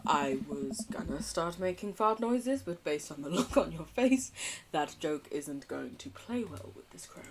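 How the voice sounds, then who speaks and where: A woman voicing a crude, joking dad in a dating game, delivering lowbrow jokes in a teasing, deadpan way. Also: a little slow, noisy background. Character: crude joking male dad, juvenile prankster. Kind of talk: reading game dialogue aloud.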